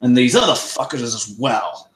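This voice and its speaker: A swaggering frontier deputy barking his questions loud and rough, as a man puts him on for a tabletop game. The voice rings in a roomy, echoing space. He cusses freely. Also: mid-range voice, expressive, normal speed, lightly acted. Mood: brash. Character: brash male deputy, blunt and rough-spoken.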